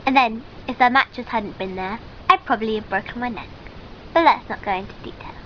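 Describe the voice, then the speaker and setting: A woman's voice: fairly high pitch, brisk, muffled recording, slight background noise. A woman telling a comic sketch in character, rambling and giggly, with many ums and restarts.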